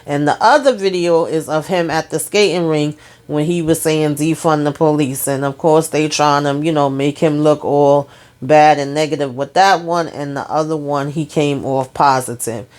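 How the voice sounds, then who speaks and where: A woman's voice: sits low, steady tone, normal speed, a little mellow. A woman hosting a casual TV episode recap, chatty and talking straight to her viewers. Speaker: TV recap host.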